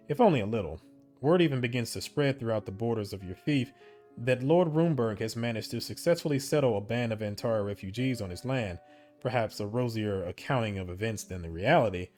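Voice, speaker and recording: A man reading the narration of an interactive story game aloud, breaking off for casual asides about his choices. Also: medium pitch. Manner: steady storybook reading broken by casual asides and laughs at slips. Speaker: game streamer.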